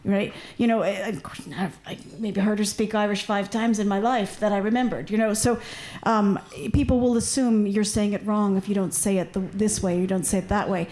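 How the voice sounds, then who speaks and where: A woman from Washington D.C. speaking on a panel discussion, chatty and animated with lots of asides. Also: medium pitch, moderate pace, hardly any pauses. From United States, Washington D.C.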